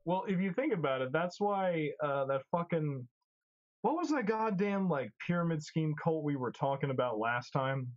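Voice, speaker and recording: A man's voice: on the high side, sing-song, moderate pace, muffled recording. A man co-hosting a live stream, chatting casually with stammers and swearing. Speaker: stream co-host. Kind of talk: casual crude chat.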